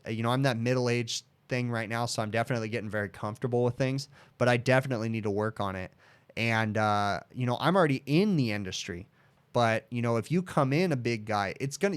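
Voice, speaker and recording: A man's voice: medium pitch, smooth. A man in his thirties, an HVAC technician hosting a casual livestream Q and A, answering viewer questions in a frank, chatty way. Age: 30s. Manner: frank, chatty, addresses viewers as dude and bud.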